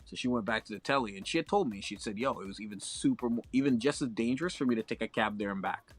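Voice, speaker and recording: A man's voice: on the low side, fast talker, faint music behind. A young Canadian man telling a long story in a casual chat, profane and full of slang.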